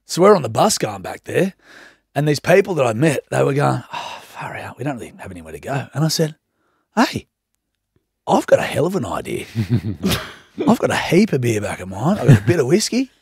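A man's voice: medium pitch, very animated, moderate pace, creaky, pauses often, a little mellow, husky, no echo, studio quality. An Australian man in his thirties, a radio host telling a story on air and acting out everyone's lines.

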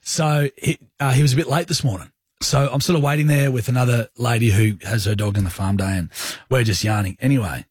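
A man with an Australian accent hosting a radio show, telling stories with lively, acted-out quotes. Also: mid-range voice, breathy edge, no echo, studio quality. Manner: animated storyteller, acts out his own lines. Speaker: radio host. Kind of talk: radio breakfast-show banter. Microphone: studio microphone.

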